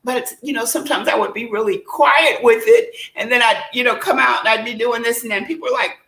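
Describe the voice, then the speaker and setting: Woman coach, high-ish voice, lively testimony storyteller who laughs a lot, echoey video-call sound. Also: fairly quick. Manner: animated storyteller, laughs often, acts out quotes. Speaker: life coach. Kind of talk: virtual discussion, personal testimony.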